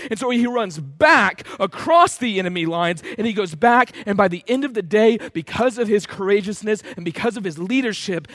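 A man with a fairly high voice tells a story in an earnest, halting way, full of filler sounds. The recording is close and dry, with no room sound. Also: a bit bright, dry recording. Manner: earnest, hesitant, frequent "uh" fillers. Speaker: speaker. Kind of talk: storytelling illustration.

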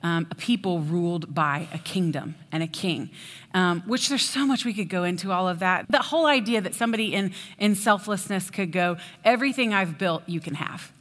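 A woman giving a sermon in a chatty, animated storytelling way. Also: lowish voice, brisk. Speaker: preacher. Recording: long hall reverb.

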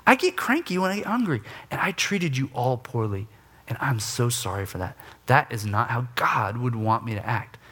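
A man preaching, telling a personal story with lively acted-out outbursts and quiet, soft confession. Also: normal speed, slightly rough. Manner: animated storytelling, acts out his own griping in raised voice; drops low and soft for confession. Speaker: pastor.

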